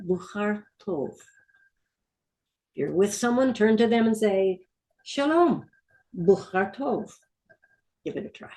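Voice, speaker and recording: A woman's voice: mid-range voice, slow, long pauses, warm tone. A middle-aged woman teaching a Hebrew vocabulary lesson, patiently repeating each word and asking listeners to say it with her.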